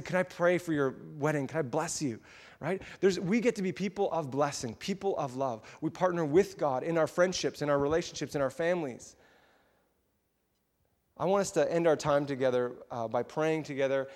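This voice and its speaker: A man's voice: on the high side, brisk, a little mellow, in a large hall. A man, a pastor, telling a story in a casual, chatty sermon to his church. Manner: casual, chatty, with fillers and laughs. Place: church sanctuary.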